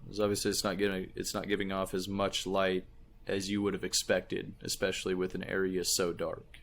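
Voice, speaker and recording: A man narrating a tabletop game as game master, describing scenes in an unhurried way. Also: sits low, monotone, creaky, a bit bright, a little hiss or hum.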